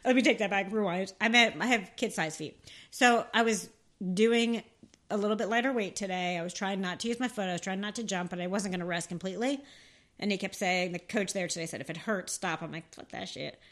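A woman's voice: medium pitch, fairly quick, a bit bright. A woman co-hosting a podcast in casual chat, telling rambling stories, laughing often and swearing freely. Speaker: podcast co-host.

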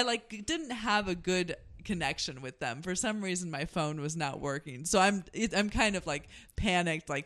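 A woman's voice: low voice, a bit bright. A woman co-hosting a podcast, telling a story in a rambling, casual way, full of "like" and acted-out quotes. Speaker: podcast co-host.

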